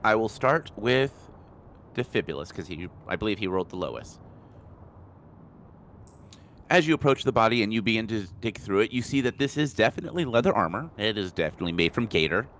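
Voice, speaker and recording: A man narrating a tabletop game as game master, describing scenes in a relaxed way with small restarts. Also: on the low side, quick pace, a little hiss or hum.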